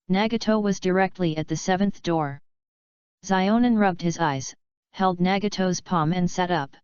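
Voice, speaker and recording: A woman narrates an audiobook in an even, measured reading. Her voice is fairly low and very smooth and clear. The recording is dry and slightly dull, with no room sound. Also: no echo.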